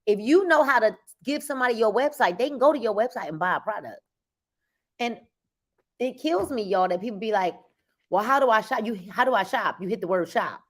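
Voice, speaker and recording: Lively laughing woman host. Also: fairly high pitch, fairly quick. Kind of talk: casual group chat.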